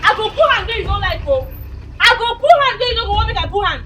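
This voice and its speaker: An actor playing a broke young debtor who pleads and shouts in Nigerian Pidgin. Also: male voice, very animated, fast, a little hiss or hum, full character voice. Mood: pleading. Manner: pleading and shouting in a strained high voice. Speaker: debtor begging a shop owner. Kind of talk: film drama acting.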